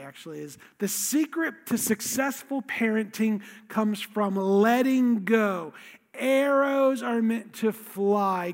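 High-voiced man preaching in a reverberant hall. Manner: animated, conversational storytelling. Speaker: pastor. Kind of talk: sermon. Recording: long reverb of a large hall.

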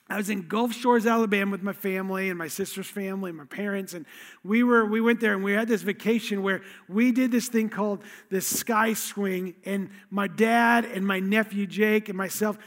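A man preaching a sermon as a pastor, in a lively, conversational, storytelling way. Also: high-pitched. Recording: long reverb of a large hall.

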